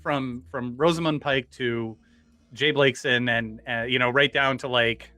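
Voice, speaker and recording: A man's voice: medium pitch, steady tone, unhurried, pushed and bright, no room sound. A man, a podcast guest, casually telling stories with many restarts and rambling asides.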